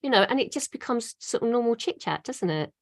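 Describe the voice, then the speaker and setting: A woman's voice: on the high side, expressive, fairly quick, dry recording, clean studio sound. A woman guest in a video-call chat, talking reflectively and seeking agreement. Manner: reflective, seeks agreement with tag questions. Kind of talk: casual chat.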